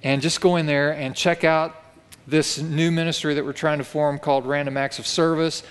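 A man's voice: a little high, level tone, moderate pace, smooth. A man preaching a sermon, telling a story vividly and acting out the quoted lines. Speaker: pastor. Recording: long reverb of a church hall.

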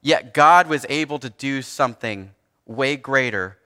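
A man's voice: mid-range voice, a little slow, pushed and bright. A young man preaching, telling a personal story in a casual, earnest way with frequent restarts and fillers. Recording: long hall reverb.

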